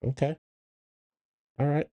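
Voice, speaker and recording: A middle-aged man co-hosts a podcast, chatting in a relaxed, casual way while posing hypothetical questions and reading listener comments aloud. He takes his time, and the recording is dry.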